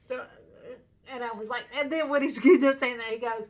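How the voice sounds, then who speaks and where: Bright, gravelly woman chatting. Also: high-pitched, animated, moderate pace. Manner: rambling, with frequent fillers and bursts of laughter. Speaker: fan vlogger. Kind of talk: casual chat to camera.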